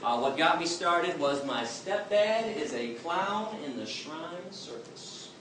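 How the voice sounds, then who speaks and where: A man's voice: on the high side, lively intonation, takes it slowly. A man answering audience questions in an emphatic, plain-spoken storytelling manner. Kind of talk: public talk, Q and A. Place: large echoey hall. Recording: echoey hall from far off, noisy.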